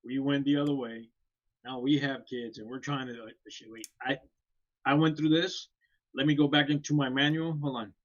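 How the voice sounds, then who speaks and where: A man's voice: mid-range voice, fairly even intonation, normal speed, dull audio. A man co-hosting a casual podcast chat, talking loosely with many fillers. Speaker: podcast co-host.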